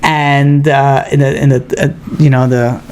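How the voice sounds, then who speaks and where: A male rabbi teaches a relaxed lesson in an easygoing, conversational way. He tells stories and voices the people in them. His phrasing is loose and often restarts mid-sentence. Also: medium pitch, a little slow, a little hiss or hum. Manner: conversational, retells stories with acted dialogue. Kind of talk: informal Torah lesson.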